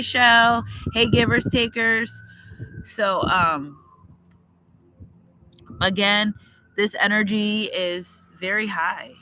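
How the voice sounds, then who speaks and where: A man's voice: high voice, pushed and bright, a little hiss or hum, rough recording. A man doing a casual livestream tarot reading outdoors. He is chatty and repetitive, and he gets emotional as he talks. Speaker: tarot reader. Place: outdoors near trees and a road.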